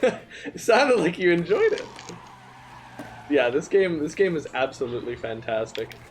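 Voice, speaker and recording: Male stream host, excitable and laughing, a bit high-pitched, light noise floor. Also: measured pace. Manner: giggly, excitable, talks to chat. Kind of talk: casual gameplay chat with chat.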